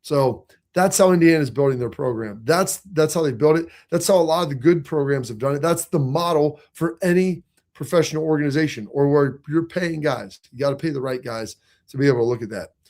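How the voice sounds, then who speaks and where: A man in his forties hosting a sports talk show with an emphatic, energetic delivery. His voice sits a little high for a man, and he keeps a loose, conversational flow. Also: a little fast. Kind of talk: casual sports talk commentary.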